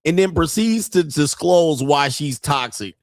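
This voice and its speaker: A man's voice: fairly high pitch, expressive, unhurried, no echo, clean studio sound. A man hosting a reaction video, giving brash, crude commentary and mocking the people he watches. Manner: brash, laughing, mock-quoting others.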